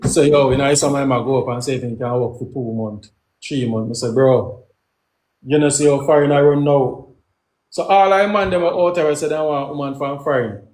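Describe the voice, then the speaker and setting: A man's voice: medium pitch, fairly quick, slight background noise. A man with a Jamaican accent hosting a casual chat and retelling what others said. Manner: conversational, retells others' words. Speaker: host. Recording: echoey room.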